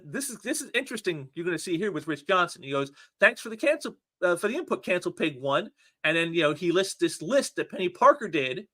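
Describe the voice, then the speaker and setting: A man talks through online posts in a casual commentary, sneering and sarcastic, stumbling into repeated words. His voice sits very high and bright. His pitch swoops up and down in a lively way. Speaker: commentary channel host.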